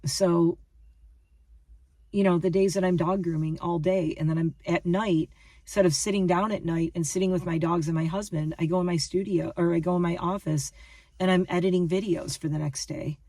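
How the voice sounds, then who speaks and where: A woman's voice: lowish voice, steady tone, moderate pace, dark tone, no echo, recorded from a distance. A woman rambling through a casual vlog monologue, chatty and self-deprecating. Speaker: vlogger.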